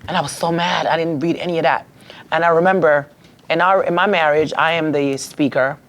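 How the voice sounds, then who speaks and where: A woman's voice: low voice, fairly even intonation, brisk. A woman guest on a podcast, telling a heartfelt personal story with emotion, her voice rising when she is upset.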